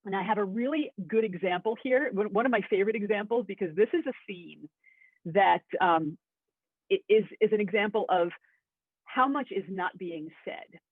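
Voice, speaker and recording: Woman acting coach, chatty webinar teacher, husky, phone-thin sound. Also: mid-range voice, normal speed, no echo. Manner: chatty and enthusiastic, with asides. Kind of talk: webinar lesson. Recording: tinny phone-like audio.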